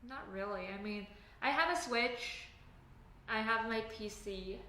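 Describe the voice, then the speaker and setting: A woman streaming casually, reading out viewer questions and answering them in a relaxed, chatty way. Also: a little high, unhurried, a little hiss or hum. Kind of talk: casual livestream chat. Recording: echoey room.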